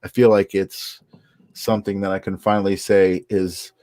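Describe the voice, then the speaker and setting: A man's voice: deep voice, level tone, normal speed, darkish tone, no echo, studio quality. A man co-hosting a casual talk show, telling a personal story in an earnest, upbeat way. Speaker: podcast co-host. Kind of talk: casual conversation.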